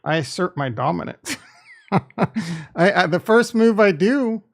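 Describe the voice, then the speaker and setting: Defensive one minute and joking the next, a man answers his chat directly during a casual livestream. He speaks expressively at a measured pace, his somewhat high male voice carrying a gravelly fry.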